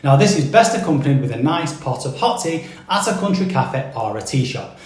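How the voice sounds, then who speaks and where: A man's voice: on the high side, brisk. Chatty Mancunian man in an echoey room. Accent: Manchester English. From England. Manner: chatty, jokey, animated list-style delivery. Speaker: vlogger. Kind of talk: casual explainer vlog.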